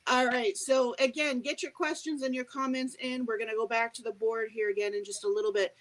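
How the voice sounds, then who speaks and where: A woman's voice: on the high side, little pitch movement, a little fast, rough recording. A woman co-hosting a live online show, upbeat, reading out viewer comments and steering the talk.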